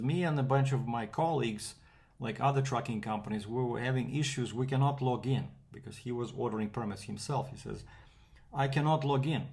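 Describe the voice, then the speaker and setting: A man's voice: medium pitch, gravelly, darkish tone. A man from Canada, a freight broker, telling a rambling casual story with fillers and quoted back-and-forth.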